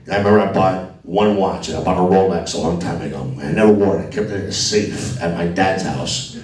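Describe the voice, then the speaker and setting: A man's voice: deep voice, brisk, a little mellow, slight background noise. A man from Alabama doing a crude, profane stand-up comedy set on a club stage. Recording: echoey club from a distance with crowd laughter.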